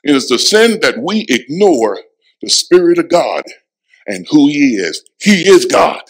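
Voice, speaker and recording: A man preaching a sermon as pastor in a church, emphatic, dropping to a hush and rising again, repeating lines for effect. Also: a little high, very animated, unhurried, breathy edge, low-quality recording. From Florida. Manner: emphatic preaching, swings from hushed to loud. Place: church sanctuary.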